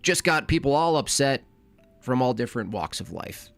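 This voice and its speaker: A man's voice: mid-range voice, expressive, moderate pace, creaky, soft background music. A man reacting to a clip, ranting with sarcastic questions. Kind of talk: casual reaction commentary.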